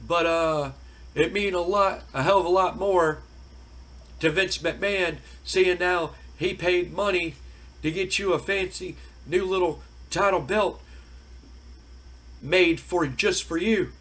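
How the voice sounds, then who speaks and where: A man putting on a brash male wrestler who taunts loudly, drawling and stammering. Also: high voice, takes it slowly, heavily acted. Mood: taunting.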